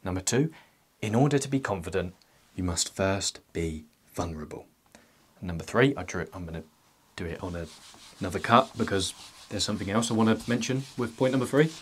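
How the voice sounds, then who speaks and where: Speaking to his viewers, a young man with a fairly low, husky voice delivers a scripted self-help monologue, slipping in playful, joking asides. His intonation is lively and his pace a little fast.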